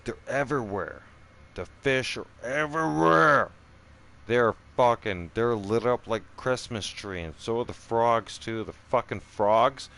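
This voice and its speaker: A middle-aged man talks in a slow, drawling, low voice that stays smooth and clear. He rambles casually, swears often and keeps tossing in "right?" to the listener. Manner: profane, rambling storyteller with many "right?" asides. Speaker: streamer.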